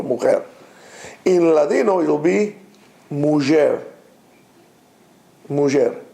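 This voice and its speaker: A male teacher giving a classroom lecture, repeating words slowly and teasing his listeners with quiz questions. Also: fairly high pitch, gravelly, warm tone.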